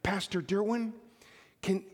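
Brief: inquisitive preschool girl voiced by a man, high and earnest, in a long-echo church hall. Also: fairly even intonation, slow, husky, heavily acted. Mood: curious. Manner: earnest, repetitive questioning. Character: curious little girl, three or four.

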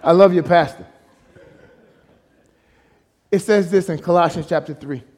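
A man's voice: high-pitched, unhurried, a little mellow. A man preaching as a guest speaker, emphatic, with rhetorical questions and calls for the congregation to answer back. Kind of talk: sermon.

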